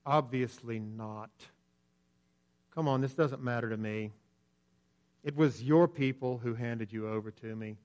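A man's voice: medium pitch, unhurried, long pauses, darkish tone, lightly acted. A man voicing a dismissive, contemptuous Roman governor inside a sermon. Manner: scornful, impatient.

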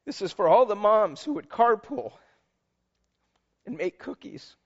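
A man's voice: high-pitched, lively intonation, a little slow, vocal fry, lo-fi sound. A man preaching a sermon as pastor, emphatic and conversational, with asides to the congregation.

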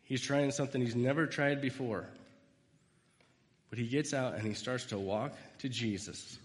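A man's voice: medium pitch, normal speed, in a large hall. A man giving an informal sermon, rambling through personal stories and acting out quoted lines. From United States. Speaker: speaker giving a devotional talk.

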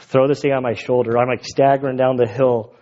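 A man preaching a sermon and telling his own stories in an animated, jokey way, laughing at his own stories. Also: medium pitch, a little fast, highs cut off. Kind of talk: sermon with personal storytelling.

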